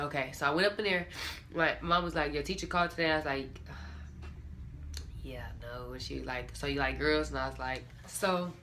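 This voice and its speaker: A woman's voice: low voice, a bit bright, a little hiss or hum. A young woman candidly telling a personal story, rambling and quoting what people said. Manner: candid, rambling, lots of "like" and quoted dialogue.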